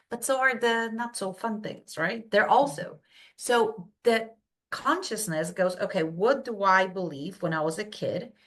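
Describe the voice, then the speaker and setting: A woman from Poland, a brain health coach, telling stories as a podcast guest and acting out quoted voices. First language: Polish. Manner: animated storytelling, acts out quotes in high voices. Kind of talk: casual podcast interview.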